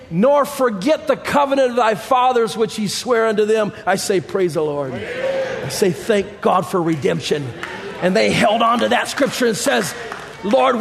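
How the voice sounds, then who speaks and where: High-voiced man preaching in an echoing hall. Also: vocal fry. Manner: shouting, rising fervor with quiet low stretches. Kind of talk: sermon. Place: church sanctuary. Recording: long hall reverb, faint congregation.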